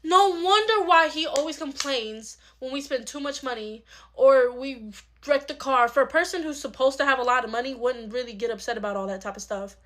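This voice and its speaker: A woman's voice: high-pitched, brisk, a bit bright. A woman playing a nosy, scheming mother who gossips while snooping, in a home-video skit. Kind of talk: comedy skit role-play.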